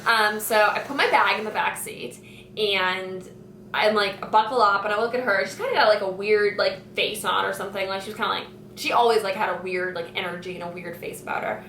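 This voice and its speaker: Recorded at home near the kitchen, in an echoey room with a distant mic and a little hiss or hum, a young woman vlogger recounts a school-days story. Her mid-range, slightly bright voice moves a little fast, chatty and laced with "like" and "you know."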